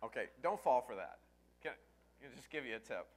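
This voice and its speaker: Man, pastor, sermon, storytelling, animated, medium pitch. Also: fast talker. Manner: storytelling, animated, breaks into yelling and laughter.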